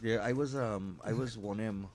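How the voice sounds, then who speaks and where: A man's voice: lowish voice, normal speed, a little mellow. A man hosting live radio, chatting and teasing students in a jovial, loose way. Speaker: radio host.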